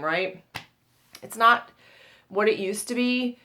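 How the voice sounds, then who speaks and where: A woman's voice: mid-range voice, slow, pushed and bright. A woman in her forties from the United States, hosting her own tarot channel and chatting casually to camera. She talks in a chatty, self-mocking way and laughs at herself. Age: 40s.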